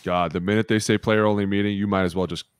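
A man's voice: fairly low pitch, steady tone, quick pace, clean tone, no room sound, studio quality. A man co-hosting a podcast in casual chat, blunt and jokey, swearing freely. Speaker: podcast co-host, former offensive lineman.

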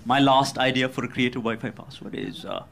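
A man performing live stand-up comedy, exasperated and animated as he tells his bits. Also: medium pitch, brisk, creaky. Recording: live stand-up with loud crowd laughter and noise.

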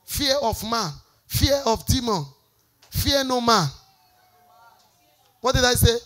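A woman pastor delivering a sermon in church. She shouts forceful prayer declarations and has the congregation repeat them, then drops into a hushed teaching voice. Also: a little high, slow. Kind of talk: sermon with call-and-response prayer.

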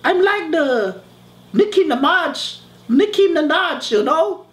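A man's voice: very high voice, sing-song, takes it slowly, a bit bright, echoey room, full character voice. A man playing a dramatic middle-aged immigrant mother who speaks broken English. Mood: flirty.

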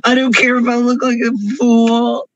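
A man's voice: very high-pitched, fairly bright tone, no echo, highs cut off. A man crying through an emotional confessional vlog, pleading and repeating himself over and over from his parked car. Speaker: vlogger.

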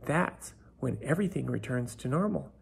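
A man's voice: medium pitch, lively intonation, normal speed, creaky, breathy edge, exaggerated voice. A man doing a kind old fairy godmare. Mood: gentle.

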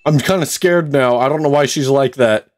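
A young man doing casual gameplay commentary, excitable and swearing, often breaking into laughter. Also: medium pitch, normal speed. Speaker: gaming YouTuber.

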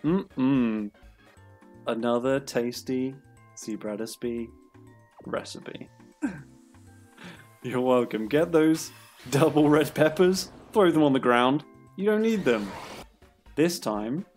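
A man's voice: on the high side, animated, slow pace, pauses often, darkish tone, soft background music. A man giving playful, giggly commentary as he plays a video game, laughing often. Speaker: streamer. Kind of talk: gameplay commentary.

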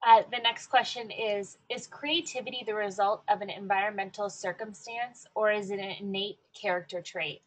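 A woman moderating a presentation, reading audience questions and comments aloud in an even, steady way. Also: mid-range voice, moderate pace, few pauses, rough recording.

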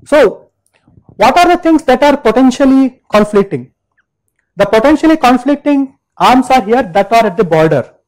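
A male university lecturer explaining step by step, checking in with listeners and pausing on fillers. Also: extremely high pitch, a little mellow, rough recording. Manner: explains step by step, frequent "right?" and "uh".

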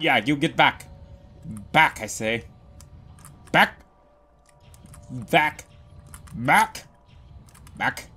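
A man doing excitable, profane game commentary, yelling and joking at the enemies on screen. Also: a little high. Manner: profane, jokey. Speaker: let's play gamer.

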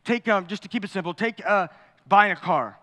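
A man preaching a sermon as pastor, animated and joking, acting out quotes and asides. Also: high voice, a little fast. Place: large church sanctuary. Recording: long hall reverb.

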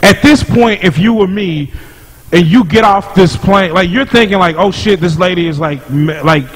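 Animated storytelling man, slightly high voice. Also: moderate pace, a little hiss or hum, rough recording. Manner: animated storyteller who laughs often. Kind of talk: casual chat.

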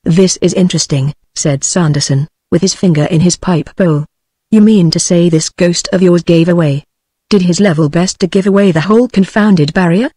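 A text-to-speech woman's voice with a British English accent, reading a classic story aloud in an even synthetic delivery. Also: lowish voice, normal speed, breathy edge, dry recording. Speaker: narrator.

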